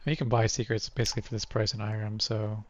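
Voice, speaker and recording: A man's voice: lowish voice, flat delivery, fast talker, dull audio, slight background noise. A man doing casual let's play commentary, thinking aloud over his choices and reading game text aloud.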